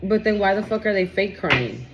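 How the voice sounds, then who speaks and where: A woman's voice: mid-range voice, animated, normal speed, background noise. A woman giving a casual tarot card reading, swearing freely and checking in with "okay?" a lot. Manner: casual, profane, repeats "okay?" often. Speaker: tarot reader.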